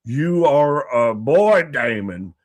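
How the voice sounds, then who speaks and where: A sarcastic man co-hosting a loose chat show, talking at an unhurried pace. His voice is recorded dry and close, with no room echo. He cuts in with profane, mocking remarks. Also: medium pitch, animated. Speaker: co-host. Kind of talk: casual podcast chat.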